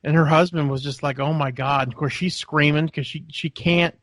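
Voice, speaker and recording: A man rambles through a story in a casual podcast chat. His voice sits a little high, and he drops into acted voices for the people in his story. The sound is dry and close to the mic. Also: steady tone, fairly quick, a bit bright, no room sound. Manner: rambling storyteller, acts out voices, laughs often. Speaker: podcast co-host.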